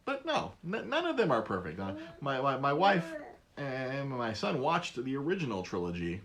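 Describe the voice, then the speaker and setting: A man hosts a podcast in a casual, rambling monologue. His voice is lively, with plenty of rise and fall in pitch. He keeps stopping and restarting his sentences as he talks. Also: moderate pace. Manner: rambling, many restarts, animated. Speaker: podcast host.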